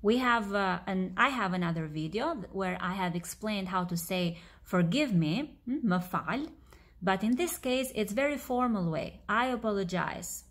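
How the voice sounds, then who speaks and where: A woman with an Albanian accent gives a language lesson at a mid pitch. She explains each word slowly and repeats it, with fillers between lines. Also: expressive. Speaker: language teacher. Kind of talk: language lesson reading a story aloud.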